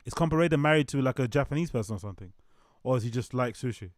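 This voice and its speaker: Talking very fast at a medium pitch, a man hosts a reaction stream, joking casually about videos while swearing often and repeating himself. It's a dry recording of studio quality.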